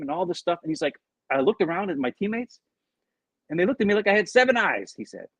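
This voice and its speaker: Another sports podcast co-host talks fast in a high voice, with no echo on the recording. His storytelling is animated and casual, full of recounted quotes, meandering restarts and profanity.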